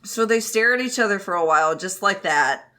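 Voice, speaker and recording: Bright-voiced wry podcast woman. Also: medium pitch, lively intonation, fairly quick. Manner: wry, recapping with playful asides. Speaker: podcast co-host. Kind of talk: casual chat.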